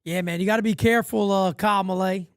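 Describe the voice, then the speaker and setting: A man from New York hosting a live fan play-by-play stream, blunt and profane, swinging from loud calls to low asides. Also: steady tone, fast talker, dry recording, studio quality. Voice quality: profane, blunt street talk.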